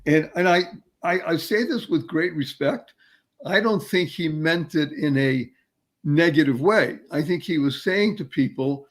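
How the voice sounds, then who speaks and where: Male panel moderator on a video call, slightly higher voice, hesitant and wry. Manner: halting, thoughtful, gently joking. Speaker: webinar host and panel moderator. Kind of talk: live panel discussion.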